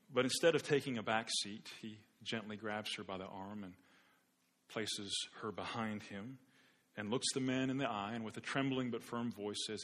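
A man's voice: lowish voice, moderate pace, fairly bright tone. A man preaching a sermon as a pastor, telling an illustrative story in an earnest way with occasional repeated words.

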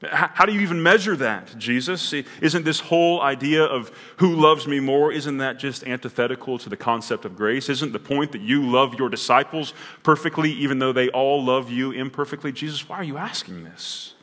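A man's voice: medium pitch, moderate pace, hardly any pauses, fairly bright tone, long reverb tail. A man preaching a sermon in a church, earnest and building to emphatic peaks, often restarting his words. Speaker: pastor. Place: church sanctuary.

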